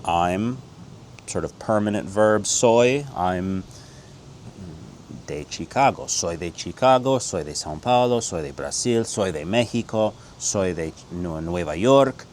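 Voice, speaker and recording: A middle-aged American man teaching a casual Spanish lesson, energetic and quick, switching between English and slow Spanish drills. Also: deep voice, slight background noise. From United States.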